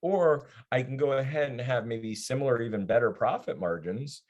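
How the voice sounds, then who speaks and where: A man's voice: mid-range voice, normal speed, darkish tone, muffled recording. A man hosting an interview who repeats words as he starts a thought, and who sums up what the guest has said. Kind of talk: interview questions.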